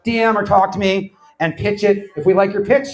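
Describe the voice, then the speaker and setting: A man's voice: high-pitched, brisk, poor audio. A man giving a comic live lecture to an audience, telling stories and mimicking the people in them. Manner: animated storyteller, mimics others' voices. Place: bar event space before a live audience.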